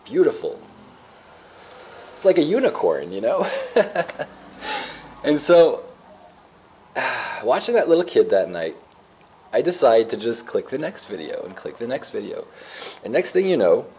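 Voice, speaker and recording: A man's voice: mid-range voice, big pitch swings, measured pace, pauses often, darkish tone, slight background noise. A man in his forties telling a rambling, emotional personal story in a reflective, spiritual way. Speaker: vlogger.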